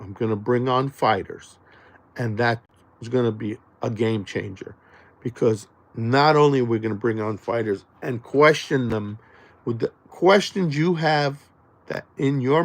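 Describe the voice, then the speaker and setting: A man hosting a podcast, talking loud and jokey, swinging between near-shouts and low mutters as he promotes the show. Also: normal speed. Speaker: podcast host. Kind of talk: hyped podcast promo monologue.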